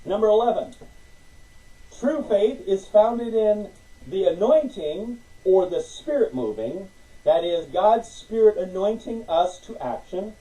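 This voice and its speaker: A man preaching a sermon in an animated way, acting out little conversations and laughing between points. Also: high voice, measured pace, recorded from a distance, low-quality recording. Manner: animated, acts out conversations with God, laughs often.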